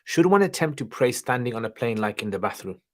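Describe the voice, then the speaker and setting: Reading out viewer questions on a relaxed livestream, a man answers offhandedly, dropping in Arabic greetings and religious vocabulary. His mid-range voice is sing-song and fairly quick; he spent nine years studying in Pakistan and now lives in England.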